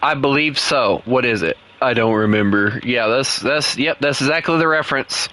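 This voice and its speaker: A man with a Southern US drawl chats through a game stream, his voice bright and forward. He jokes around and teases the people playing with him, laughing often. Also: mid-range voice, normal speed. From Southern United States. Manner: playful, teasing, laughs often. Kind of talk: casual gameplay chat with co-players.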